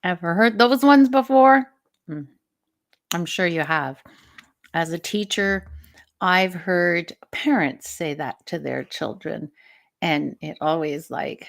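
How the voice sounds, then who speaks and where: Slow, gravelly-voiced woman coach. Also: lowish voice, animated. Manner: reflective, asks the listener questions. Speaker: stress management coach; teacher. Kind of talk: live show monologue.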